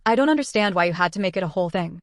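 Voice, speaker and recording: A woman voicing an irritated, defensive husband who speaks quickly. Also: lowish voice, animated, dry recording, studio quality.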